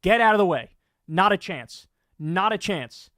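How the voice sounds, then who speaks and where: A man's voice: high voice, animated, measured pace, a bit bright, no room sound, studio quality. A man hosting political commentary, ranting angrily with lots of swearing. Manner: angry, profane ranting.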